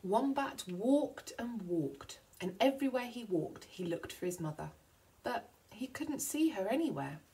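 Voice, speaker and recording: A woman teacher reading a picture book aloud to children, slowing down for effect. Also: mid-range voice, rough recording. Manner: expressive storytelling, slowing for effect.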